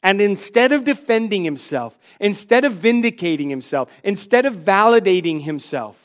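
High-voiced male preacher. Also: a bit bright. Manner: earnest, voicing biblical figures and mockers. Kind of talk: sermon.

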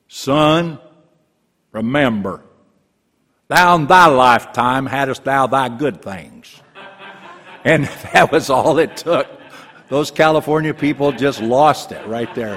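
An older man in his seventies preaches in a loose, joking way, often stopping to restart his sentences. His voice sits at an ordinary pitch, and a long reverb hangs behind every phrase, as in a big church sanctuary. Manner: rambling, humorous, restarts often. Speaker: pastor. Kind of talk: folksy sermon.

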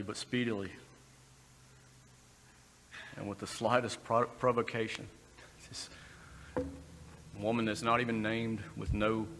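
A man's voice: lowish voice, fairly bright tone. Man preaching in a reverberant hall. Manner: conversational, with restarts and acted quotes. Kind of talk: sermon. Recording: long reverb in a hall, faint background noise.

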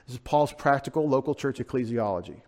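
A man's voice: medium pitch, expressive, fast talker, a little mellow. Man preaching in a reverberant church. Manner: expository teaching, conversational with emphatic rises. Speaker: pastor. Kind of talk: sermon. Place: church sanctuary.

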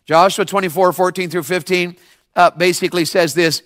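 Lively man preaching to teens. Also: sits high, moderate pace, no echo, studio quality. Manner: animated, call-and-response, prods listeners to answer aloud. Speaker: youth preacher. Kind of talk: sermon to children and teens.

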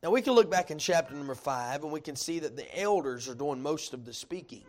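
A man preaching a sermon, reading scripture slowly and stopping to ask the congregation questions in conversational asides. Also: on the high side, animated, a little mellow. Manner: reads scripture slowly and deliberately.

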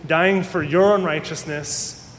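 With a steady tone and a fairly bright voice, a pastor delivers his sermon a little slowly. His manner is conversational, and he performs the voices of those he quotes. An echoey hall with a faint rumble surrounds the recording.

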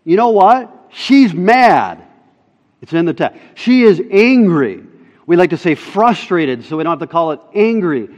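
Man, pastor, sermon, emphatic, repeats for emphasis, somewhat high voice, long hall reverb. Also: big pitch swings, a little slow, a little mellow, muffled recording.

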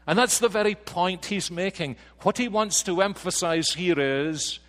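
Slow, emphatic male preacher in echoing hall. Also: high voice. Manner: slow, emphatic, drops to quiet intensity then rises. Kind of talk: sermon. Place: church sanctuary. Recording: reverberant church hall.

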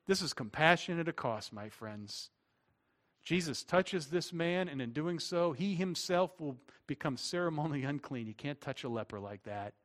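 A middle-aged man preaches with a fairly high voice. He moves between emphatic, raised lines and quiet, hushed ones as he talks to his congregation. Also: expressive, normal speed. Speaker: pastor. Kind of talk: sermon.

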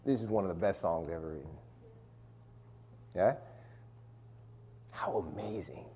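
A man's voice: low voice, normal speed, warm tone, breathy edge. A middle-aged man leading an informal sermon and Bible study, calling on listeners to read verses aloud and talking with many restarts.

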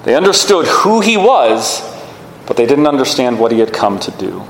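Animated male preacher in echoey hall. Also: mid-range voice, normal speed, slight background noise. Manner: animated, rhetorical asides. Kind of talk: sermon. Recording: echoey hall with faint ambience.

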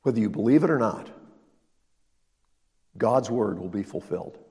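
A man's voice: fairly low pitch, lively intonation, moderate pace, dark tone, husky, long reverb tail. A male pastor preaching a sermon, emphatic and repeating his key lines.

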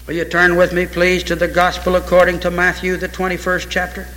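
A man preaching a sermon, reading scripture aloud and pressing each point with emphasis until he breaks into shouts. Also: high voice, monotone, fairly quick, a little hiss or hum. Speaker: pastor. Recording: echoey hall with long reverb.

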